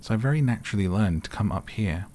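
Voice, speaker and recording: A soft-spoken man with a very low voice giving slow, rambling, gently amused commentary on a game to help listeners sleep. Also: expressive, a little hiss or hum. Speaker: gaming ASMR host.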